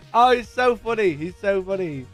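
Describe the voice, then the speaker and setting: A man hosting a live stream, chatting casually and jokingly greeting viewers by name as he reads their messages. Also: high voice. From United Kingdom.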